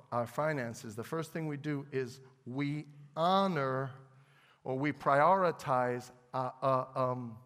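A man's voice: medium pitch, a bit bright, long reverb tail. A male pastor preaching a sermon in a church in a conversational way, repeating phrases and asking the congregation for amens. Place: church sanctuary.

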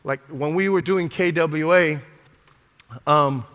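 A man's voice: fairly high pitch, takes it slowly, a bit bright. Older male pastor preaching fervently. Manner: fervent, repeats words, calls for congregation response. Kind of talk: sermon with opening prayer. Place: church sanctuary. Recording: long reverb of a hall.

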